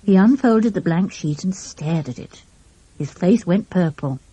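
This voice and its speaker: A woman narrating a children's storybook with an expressive, animated reading. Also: fairly low pitch, a little slow, breathy edge, no room sound, rough recording. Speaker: audiobook narrator.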